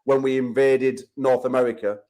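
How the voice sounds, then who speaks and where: A man's voice: medium pitch, flat delivery, moderate pace, warm tone, poor audio. An English man hosting a call-in chat show, talking in brash, profane trash-talk banter. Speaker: host.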